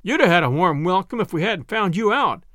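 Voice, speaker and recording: A man voicing a dry-witted young farm boy, speaking briskly. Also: sits high, expressive, fairly bright tone, dry recording.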